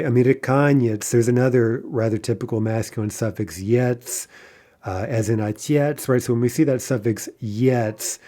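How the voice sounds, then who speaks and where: A man with a mellow, darker voice walks through a recorded grammar lecture. He explains patiently, thinking aloud and often checking in with a quick "right?" along the way. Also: lowish voice. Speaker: language teacher.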